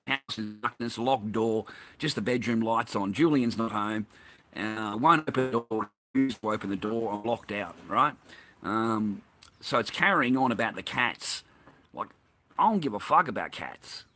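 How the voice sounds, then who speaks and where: A man's voice: fairly low pitch, normal speed, bright, forceful tone. An Australian man in a rambling, heated, profane monologue, swearing constantly.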